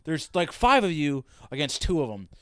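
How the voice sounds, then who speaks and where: A man's voice: on the high side, sing-song, moderate pace, fairly bright tone, clear, resonant tone, no room sound, studio quality. A young man giving casual reaction commentary, swearing and wisecracking as he rants. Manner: profane, wisecracking, ranting. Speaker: reaction video host.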